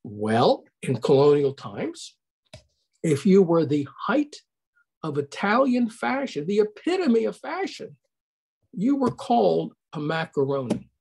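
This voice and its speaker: A man's voice: on the high side, huge pitch swings, a little slow, gravelly, darkish tone, husky. An older man giving a conversational online history lecture over a video call, putting questions to his audience.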